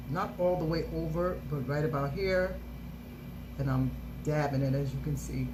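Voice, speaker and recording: Low-voiced upbeat makeup vlogger woman. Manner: upbeat, repeats catchphrases and phrases over and over. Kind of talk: casual makeup tutorial. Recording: steady background noise.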